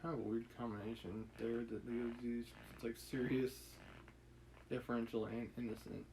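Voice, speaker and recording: Picture a man reading a classic novel aloud on a live stream, pausing often to think out loud and correct himself. His voice sits at an ordinary middle pitch. A faint hiss runs underneath. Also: little pitch movement, rough recording. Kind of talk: casual read-aloud with commentary. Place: home setup, live stream.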